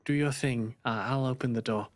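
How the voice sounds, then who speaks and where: A man's voice: medium pitch, steady tone, moderate pace, dry recording, soft background music, lightly acted. A man voicing a polite, slightly awkward young companion who speaks hesitantly, with fillers, in a tabletop role-play. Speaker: player.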